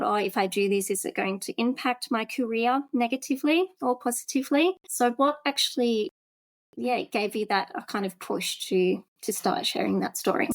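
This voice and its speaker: Woman host, mid-pitched voice, casual, sympathetic, dry sound. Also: gravelly, dry recording. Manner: casual, hesitant with fillers, sympathetic. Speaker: interview host. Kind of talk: conversational interview.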